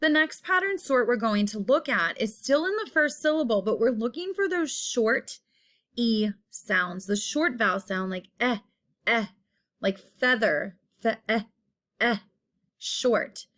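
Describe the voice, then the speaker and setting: A woman teacher walks through a phonics lesson, repeating each word and drawing out the vowel sounds. Her voice sits a little high, and she takes her time, speaking at a slow, unhurried pace. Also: lively intonation, fairly bright tone.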